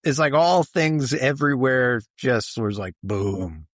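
A man's voice: medium pitch, lively intonation, takes it slowly, dry recording, clean studio sound. A man being interviewed, recounting a personal experience in a reflective way, searching for words with many fillers. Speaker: interview guest.

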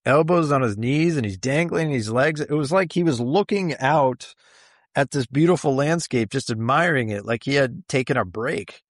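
A man's voice: mid-range voice, a bit bright, dry recording, clean studio sound. A man being interviewed, recounting a personal experience in a reflective way, searching for words with many fillers. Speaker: interview guest.

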